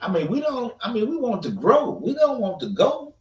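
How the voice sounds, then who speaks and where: An emphatic man co-hosts a casual opinion podcast, his pitch rising and falling a lot. He sounds a little far from the mic in an echoey room. The sound is dull and muffled. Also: very animated, moderate pace. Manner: preachy, emphatic, talks of leading by example. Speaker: podcast co-host.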